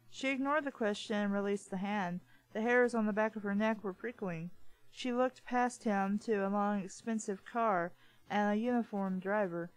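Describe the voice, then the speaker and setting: A woman's voice: medium pitch, normal speed, no room sound, poor audio. Woman reading a novel with sarcastic asides. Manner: plain reading, mocking side comments. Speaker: book reviewer reading aloud.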